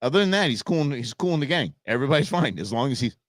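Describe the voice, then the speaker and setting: Very animated and fast, the livestream host barely pauses as he banters with viewers in a medium-pitched voice, laughing frequently at their comments. The recording is dry and clean, like a studio.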